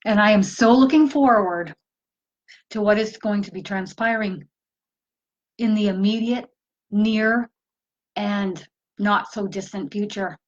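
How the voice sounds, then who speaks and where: A woman's voice: mid-range voice, takes it slowly, pauses often, muffled recording. A woman channeling a wise joyful earth spirit. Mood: joyous, solemn.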